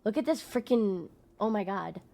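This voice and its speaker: A woman in her twenties, streaming a game playthrough and reacting excitedly, gushing with many fillers and swearing. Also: mid-range voice, normal speed, gravelly.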